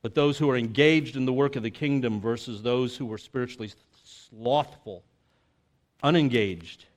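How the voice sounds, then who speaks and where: A pastor preaching a conversational sermon, full of "you know" and "like" fillers, moving between lively asides and quiet, earnest reflection. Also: male voice, medium pitch, moderate pace.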